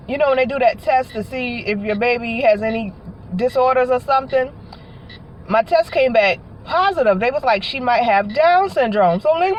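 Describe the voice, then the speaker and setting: A woman, from South Carolina, telling a personal story in a chatty way from her parked car, often calling out to her viewers and acting out what people said. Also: fairly high pitch. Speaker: vlogger. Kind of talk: casual storytime monologue. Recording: dull lo-fi audio.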